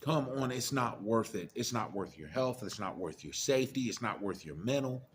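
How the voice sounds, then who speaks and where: A man's voice: medium pitch, expressive, normal speed, slight background noise. A middle-aged man giving a profane, preachy monologue of blunt warnings in casual rant style. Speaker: commentator.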